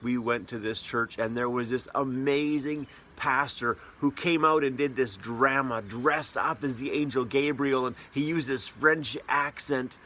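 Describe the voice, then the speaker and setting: A man's voice: mid-range voice, a bit bright. Middle aged pastor guy preaching, chatty and playful, lots of questions to you. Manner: conversational, playful, asks the listener questions. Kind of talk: sermon.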